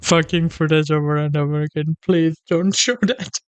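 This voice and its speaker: A man's voice: on the high side, steady tone, normal speed, clean tone, no echo. A man doing sarcastic reaction commentary, mocking fear and repeatedly breaking into laughter, swearing often. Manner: sarcastic mock terror, keeps breaking into laughter. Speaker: streamer reacting to videos. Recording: slightly dull lo-fi audio.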